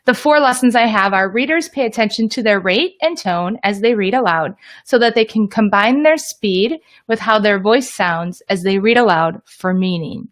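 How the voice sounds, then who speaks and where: A woman's voice: mid-range voice, lively intonation, normal speed, few pauses, fairly bright tone. A woman explaining reading lessons to teachers in an upbeat, direct teaching talk. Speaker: teacher trainer.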